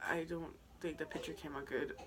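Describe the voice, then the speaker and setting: A young woman telling a story in a casual vlog, excitable and chatty, swearing freely and full of fillers. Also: sits low, a little fast, background noise. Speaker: vlogger.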